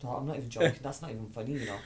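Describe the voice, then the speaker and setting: A woman's voice: a bass voice, rapid-fire, a little mellow. A woman co-hosting a podcast, dramatic in casual chat, swearing and shrieking. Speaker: podcast co-host.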